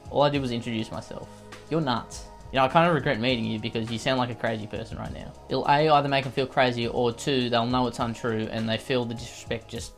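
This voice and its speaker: A man with a slightly snivelling, nasal voice delivers a deadpan comedy monologue. He sounds smug and condescending, as if his advice were completely serious. Faint music plays underneath. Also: mid-range voice. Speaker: comedy sketch host.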